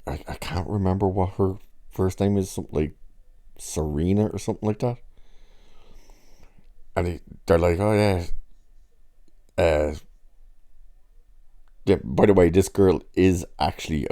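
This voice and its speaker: A man's voice: low-pitched, mellow. A man casually retelling a TV episode, rambling and acting out the characters' lines as he goes. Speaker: reviewer.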